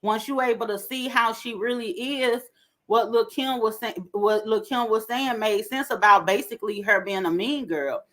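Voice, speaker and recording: A woman giving an animated, opinionated commentary rant with lots of slang. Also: on the high side, moderate pace. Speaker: commentary vlogger.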